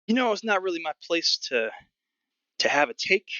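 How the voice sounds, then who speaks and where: A man's voice: a little high, big pitch swings, normal speed, bright, forceful tone, no echo, lo-fi sound, voice pushed up. A man voicing a pompous, money-minded male bard with a smug, mercenary drawl.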